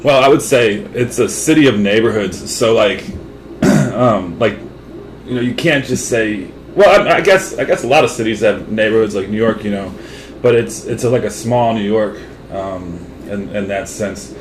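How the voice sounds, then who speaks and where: A man's voice: lowish voice, normal speed. A man from St. Louis co-hosting an interview, talking in a rambling, casual way with lots of fillers and the odd swear word. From St. Louis, Missouri. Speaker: co-host. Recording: noisy background hiss.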